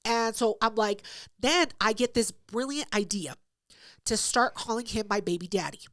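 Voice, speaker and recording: A woman tells a rowdy story on her podcast, loud and full of swearing as she acts out every voice. Her voice sits a little high. The sound is close and dry, with no room around it. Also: normal speed, no echo. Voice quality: loud, profane, animated retelling with acted-out quotes. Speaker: podcast co-host. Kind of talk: casual storytelling chat.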